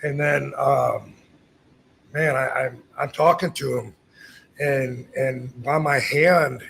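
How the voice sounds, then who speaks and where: A man's voice: medium pitch, gravelly, fairly bright tone, slight background noise. A man in his fifties, from the United States, casually telling a story as a podcast host, acting out quoted lines and swearing freely.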